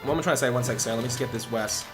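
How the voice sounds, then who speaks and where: A man's voice: medium pitch, very fast, music in the background. An Australian man, a speedrun streamer, chatting casually and rambling as he answers his live chat.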